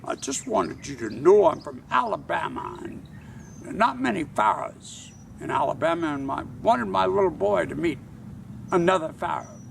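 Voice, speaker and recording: A man's voice: fairly high pitch, expressive, normal speed, creaky, recorded from a distance, a little hiss or hum. A man voicing a friendly, earnest father while telling a story.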